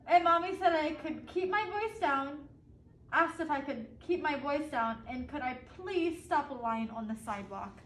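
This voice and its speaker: A woman's voice: sits high, a little slow, fairly bright tone. A woman reading a picture book aloud to children, stopping to ask them questions. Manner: asks the children questions between pages. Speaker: storybook reader. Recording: echoey room, distant mic, faint ambience.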